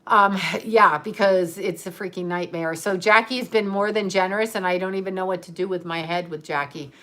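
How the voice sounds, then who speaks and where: A woman's voice: lowish voice, fairly even intonation, moderate pace, sharp tone. Chatty woman hosting a livestream. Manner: chatty, laughs often, rambling. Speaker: livestream host. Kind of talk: casual livestream chat.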